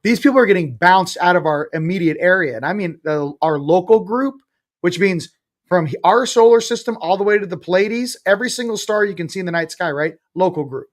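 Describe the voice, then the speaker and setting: A man's voice: high voice, animated, fairly quick. A man in his forties, a guest in an interview, talking in a blunt, emphatic, sarcastic way, swearing casually. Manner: sarcastic, self-mocking. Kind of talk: casual spiritual interview talk.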